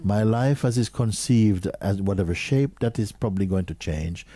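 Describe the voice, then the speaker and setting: A man giving a slow, questioning spiritual talk to an audience, sometimes dropping to a near whisper. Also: on the low side, warm tone. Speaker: spiritual teacher.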